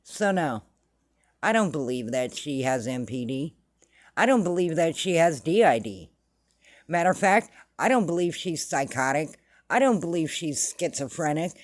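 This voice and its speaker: A woman's voice: low-pitched, expressive, moderate pace, no echo. A woman hosting casual true-crime commentary, blunt and sarcastic. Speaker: commentary host.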